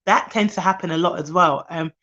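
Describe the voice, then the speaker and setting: Tired, fast-talking woman nanny on a live stream. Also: on the low side, a bit bright, muffled recording. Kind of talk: live-streamed advice talk.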